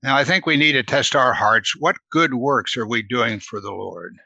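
A man's voice: medium pitch, moderate pace, creaky, pushed and bright, no room sound, dull audio. A man leading a Bible study in a conversational teaching manner, earnest and often asking his listeners "right?". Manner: earnest, asks the listeners questions, adds "right?".

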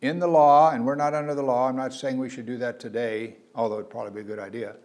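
Male preacher, mid-pitched, earnest sermon delivery with loud emphatic peaks and soft asides. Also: steady tone, quick pace. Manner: earnest, varies loudness for emphasis, frequent uh fillers.

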